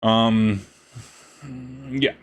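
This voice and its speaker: A man's voice: lowish voice, steady tone, clear, resonant tone. A man running a tabletop game as game master, narrating a monster's turn with frequent fillers and chuckles. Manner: halting, many fillers, chuckling.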